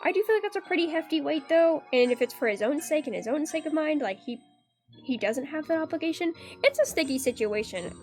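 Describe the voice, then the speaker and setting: A woman's voice: sits high, lively intonation, brisk, a little mellow, faint music behind. A young adult woman streaming a horror game, chatting casually and rambling with many fillers.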